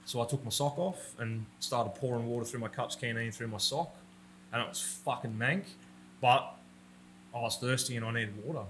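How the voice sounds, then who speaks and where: Bright-voiced Australian man telling blunt war stories. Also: mid-range voice, moderate pace, slight background noise. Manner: profane, blunt, laughs through his own stories. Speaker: podcast guest, army veteran. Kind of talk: conversational war storytelling. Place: room with a roller door.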